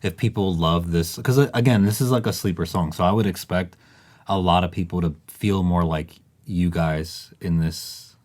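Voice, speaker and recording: A man's voice: low-pitched, normal speed, darkish tone. A man co-hosting a casual podcast, talking emphatically and with enthusiasm. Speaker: podcast co-host.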